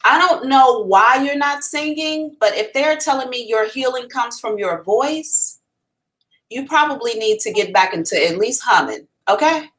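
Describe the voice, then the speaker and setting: A woman hosting a live psychic reading, talking in a blunt, profane and animated way. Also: fairly high pitch, unhurried.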